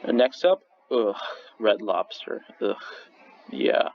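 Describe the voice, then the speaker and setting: A man's voice: lowish voice, big pitch swings, slow pace. Young man rambling casually, lo-fi sound. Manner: rambling, full of restarts, laughs often, swears casually. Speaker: vlogger ranking restaurants. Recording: slightly dull lo-fi recording with faint noise.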